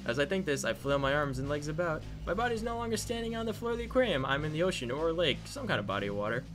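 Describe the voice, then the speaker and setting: Animated man reading a game aloud. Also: a little high, rapid-fire, over music. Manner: dramatic reading with joking asides. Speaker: game narrator. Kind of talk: reading a visual novel aloud.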